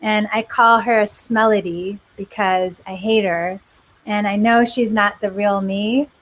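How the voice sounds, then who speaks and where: A woman's voice: mid-range voice, fairly even intonation, measured pace, a little hiss or hum, low-quality recording. A woman talking as a guest in a casual chat, candid and playful. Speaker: guest in conversation.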